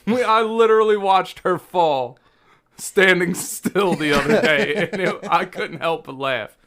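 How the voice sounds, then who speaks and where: A male podcast host with a slightly higher-than-usual voice. He rambles in a loose, laid-back way and jokes around with his co-host. The chat sounds casual and unscripted. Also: a little slow, a bit bright. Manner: laid-back, joking, says "dude" and "like" a lot.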